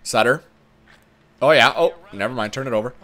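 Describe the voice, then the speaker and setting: A young man giving casual, profane commentary on his own hockey video game, swinging from low muttering to loud excited shouts. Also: a little fast. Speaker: gaming YouTuber.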